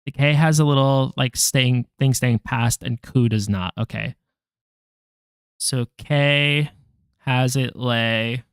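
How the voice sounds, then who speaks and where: Sounding out each syllable slowly, a young man drills flashcards and jokes at his own errors while chatting to his viewers as a language-learning vlogger. He has a clear, resonant, mid-range voice with fairly even intonation, recorded in studio quality without room sound.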